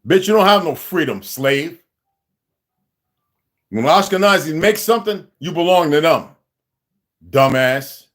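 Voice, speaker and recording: Guy going off on a livestream, loud cussing rant, high voice that jumps all over. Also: lively intonation, unhurried, pauses often. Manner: aggressive, profane, confrontational. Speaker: livestream host.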